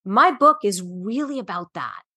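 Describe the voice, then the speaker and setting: A woman's voice: mid-range voice, sing-song, a little slow, pushed and bright. A woman nutritionist speaking earnestly as a podcast guest, emphatic and dotted with "um" fillers. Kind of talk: podcast interview.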